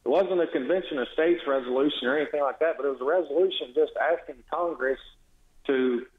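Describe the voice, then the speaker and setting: A man's voice: fairly high pitch, a little fast, reverberant. Sarcastic man on a tinny phone line. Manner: blunt, sarcastic, exasperated. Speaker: state legislator guest. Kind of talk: phone-in radio interview.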